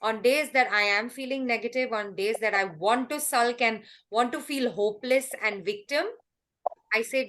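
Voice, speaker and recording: A middle-aged woman answers questions as a coach. Her voice sits high and she talks with animated energy, acting out quotes in small put-on voices. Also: normal speed, a little hiss or hum. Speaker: host and happiness coach. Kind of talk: coaching answers on a group call.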